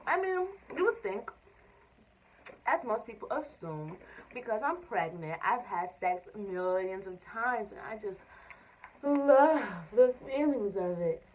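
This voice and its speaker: A young woman, telling an expressive story-time vlog and acting out what people said. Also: mid-range voice, slow, distant mic, slight background noise, low-quality recording. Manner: animated, expressive storytelling with quoted voices. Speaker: vlogger.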